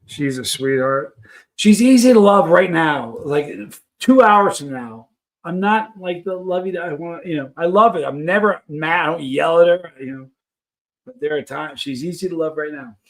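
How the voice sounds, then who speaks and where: A man's voice: on the high side, normal speed, fairly bright tone. Chatty man hosting a live stream. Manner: rambling, chatty, reads viewer comments aloud. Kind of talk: casual live stream chat.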